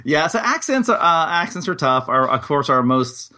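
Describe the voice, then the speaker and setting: A man from the United States co-hosting a podcast in relaxed banter, often trailing off and restarting. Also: a little high, normal speed. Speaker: podcast co-host. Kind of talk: casual chat.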